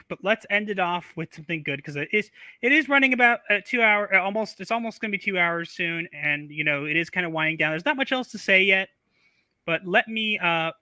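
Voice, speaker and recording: A man hosting a casual live stream, talking loosely and rambling between thoughts. His voice is very bright and edgy, a touch high, and sounds close and dry with no room around it. He keeps the chatter informal and unscripted. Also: no echo. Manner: rambling, full of fillers and restarts, loose and chatty.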